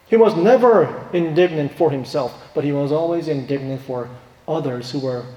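A man's voice: on the high side, darkish tone. A male pastor preaching a sermon, earnest, rising sharply on points of emphasis. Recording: echoey hall with long reverb.

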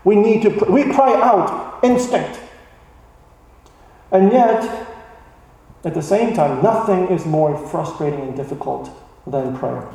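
Male pastor, sermon delivery, mellow and fairly high, echoey church hall with a distant mic. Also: slow pace, creaky, pauses often. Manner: animated, voice rising for emphasis.

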